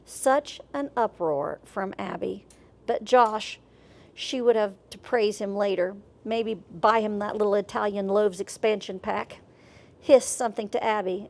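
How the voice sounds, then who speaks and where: A woman reading a literary story aloud for adults with an expressive, wry delivery. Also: mid-range voice, creaky.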